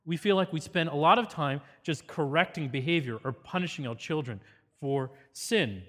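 A man's voice: fairly high pitch, normal speed. Earnest man teaching in a reverberant hall. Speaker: seminar teacher on parenting. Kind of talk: faith-based parenting seminar talk.

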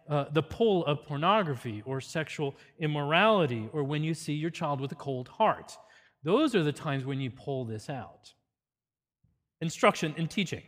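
A man's voice: on the high side, fairly bright tone, big-room sound. A man giving an earnest, teacherly parenting seminar with a faith focus.

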